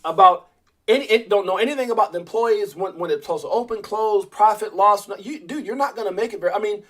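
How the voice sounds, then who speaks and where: A man's voice: high voice, fast, fairly bright tone. A man hosting a casual crypto livestream, rambling with many restarts and talking straight to his viewers. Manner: rambling, restarts often, addresses viewers as guys.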